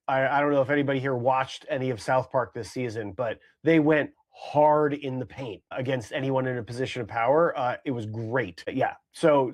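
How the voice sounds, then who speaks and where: A man co-hosting a podcast in easy chat, his voice sitting at an ordinary middle pitch. He rambles, hedges and repeats himself, circling back to his point with plenty of fillers. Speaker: podcast co-host. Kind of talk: casual comedic chat.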